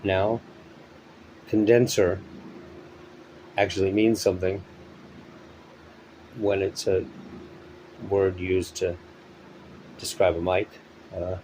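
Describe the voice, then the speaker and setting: A man rambling through a morning monologue, short of breath and exhausted, talking in a weary, halting way with many pauses and fillers. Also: low voice, flat delivery, darkish tone, a little hiss or hum, rough recording. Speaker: vlogger. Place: at home indoors. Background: electric fan running.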